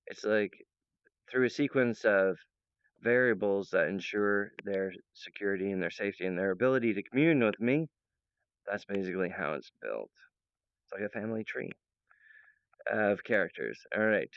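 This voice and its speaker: A man speaks to his audience in a wandering, earnest monologue, full of fillers and restarts. His voice is smooth and resonant at an ordinary pitch. The recording is dry and somewhat dull. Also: lively intonation, moderate pace, dry recording. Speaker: presenter of his own project. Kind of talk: rambling monologue to viewers.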